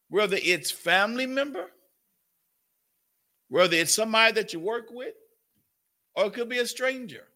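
A man's voice: sits high, pushed and bright. A male pastor preaching a sermon with emphasis, often asking the congregation questions.

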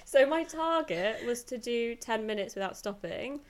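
A woman's voice: on the high side, animated, normal speed. A woman, a podcast guest, chatting in an upbeat way and explaining things she likes. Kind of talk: casual chat.

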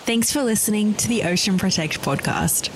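Woman, podcast announcer, scripted outro, mid pitch, faint background noise. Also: moderate pace.

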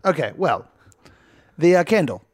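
Male podcast co-host, slightly high pitch, dry sound, rambling comic chatter with frequent laughs. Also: big pitch swings, normal speed, a little mellow, no echo. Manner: rambling, joking, laughs often. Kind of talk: casual comedic chat.

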